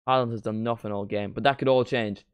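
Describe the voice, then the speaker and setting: A man streaming a live football watchalong, chatting casually and breaking into quick play-by-play calls. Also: lowish voice, steady tone, clean tone, no echo.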